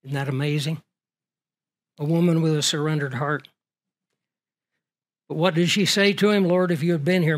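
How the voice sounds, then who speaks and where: A man delivers a sermon in a fairly high voice. He is earnest and works through rhetorical questions, letting his volume swell and then drop low for emphasis. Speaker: preacher.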